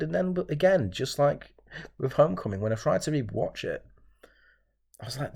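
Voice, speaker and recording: A man's voice: a little high, brisk, vocal fry, darkish tone. A man hosting his own channel, ranting solo to camera in an exasperated, repetitive way. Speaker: channel host reviewing films.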